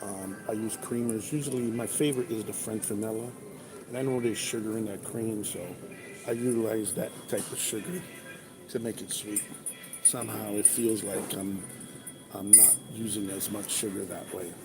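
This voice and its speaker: Over loud music and the clatter of a truck stop restaurant, a man with a fairly low, steady voice talks at a moderate pace. He's a truck driver on a livestream, casually reading viewers' comments aloud while eating breakfast.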